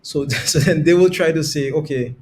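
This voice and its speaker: A man coaching on sales, explaining in a relaxed podcast conversation and acting out little quoted examples. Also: a little high, moderate pace. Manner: demonstrates tones with quoted examples, laughs easily.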